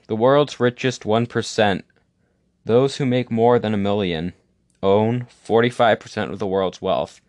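A young man holds forth in a casual monologue. His voice sits on the low side and the recording is dry and close. He rambles, full of "like" and restarts, sure of his opinions. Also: measured pace, darkish tone, dry recording. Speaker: podcast host.

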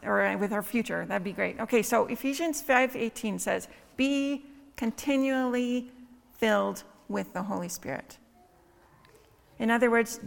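Gravelly woman preaching in a hall. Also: mid-range voice, a bit bright. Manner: conversational, asks many rhetorical questions with tag questions. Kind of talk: sermon. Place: church hall. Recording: long reverb in a hall with faint music.

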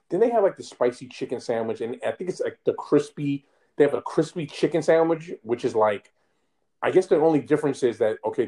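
A male podcast co-host talking casually with a mid-range voice. His pitch moves a lot as he makes emphatic points. He laughs easily between remarks. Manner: animated, laughs often, emphatic opinions. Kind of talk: casual chat.

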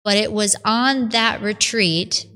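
On a podcast, a woman religious takes her time narrating her vocation story in a medium-pitched voice. She brings the quoted voices to life, acting them out with animation.

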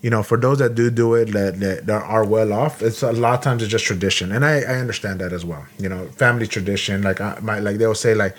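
A man's voice: fairly low pitch, quick pace, hardly any pauses. Blunt, cursing Marine veteran man. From Los Angeles, USA. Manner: blunt, heated, swears freely, many restarts. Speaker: podcast co-host, Marine veteran. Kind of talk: casual podcast chat.

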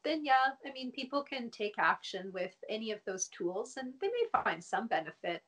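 A woman psychologist speaking as a podcast guest, explaining in a measured way and laughing easily. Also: on the high side, sing-song, a bit bright. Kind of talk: podcast interview.

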